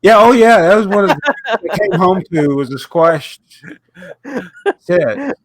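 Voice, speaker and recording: With a high voice, lively intonation and an unhurried delivery, a man speaks with no room sound around him. He co-hosts a casual podcast and, nasal and blocked up from a cold he's recovering from, rambles through a story while laughing frequently.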